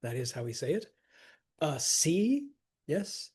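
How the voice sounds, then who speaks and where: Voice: medium pitch, big pitch swings, slow, long pauses, darkish tone, breathy edge. A teacher explaining poetic meter in a casual, enthusiastic way, laughing now and then. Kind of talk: scansion lesson.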